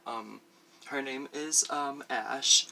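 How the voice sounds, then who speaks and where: Chatty, bright-voiced male beauty vlogger. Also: mid-range voice, slow, creaky, slight background noise. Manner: chatty and rambling, many fillers, laughs often. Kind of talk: casual makeup review vlog.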